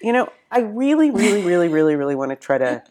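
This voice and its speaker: A woman's voice: fairly low pitch, sing-song, fast, a little mellow. A woman hosting a podcast in casual chat, enthusiastic and playful, handing out compliments. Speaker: podcast host.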